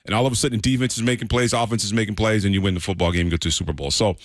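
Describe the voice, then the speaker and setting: A man's voice: lowish voice, steady tone, very fast, dry recording, studio quality. A man co-hosting a sports talk radio show, speaking in an easygoing way with many restarts. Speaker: radio co-host.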